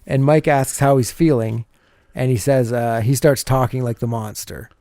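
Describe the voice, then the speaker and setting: Mellow-voiced man recapping an episode. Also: mid-range voice, fairly even intonation, moderate pace, no echo. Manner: laughs often while retelling scenes. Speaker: podcast co-host recapping an episode. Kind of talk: casual chat recap.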